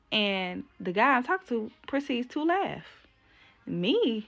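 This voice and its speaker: A woman's voice: a little high, very animated, slow pace, vocal fry, fairly bright tone, faint music behind. A woman telling a story about an argument in a casual rant, blunt and indignant, swearing freely and asking her viewers to weigh in. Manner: addresses viewers directly. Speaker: vlogger.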